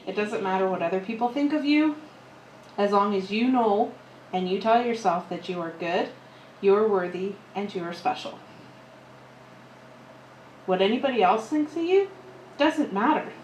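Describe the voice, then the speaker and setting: A woman's voice: medium pitch, lively intonation, moderate pace, pauses often, a little mellow. Woman giving a short encouraging message to a crowd, roomy echo, faint hiss. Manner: earnest, encouraging. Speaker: speaker's partner, guest speaker. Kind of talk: short encouraging address to an audience. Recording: echoey room, faint noise.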